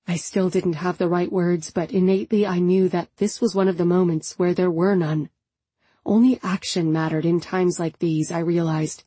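A woman's voice: on the low side, fairly even intonation, moderate pace, dark tone, breathy edge, no echo. A woman narrating an audiobook in the first person with a subdued, introspective delivery.

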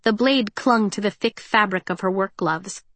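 A woman narrates an action-filled audiobook with a measured, tense, expressive delivery. Her pitch sits in the ordinary middle range. The recording is dry and close, with no room sound. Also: no echo.

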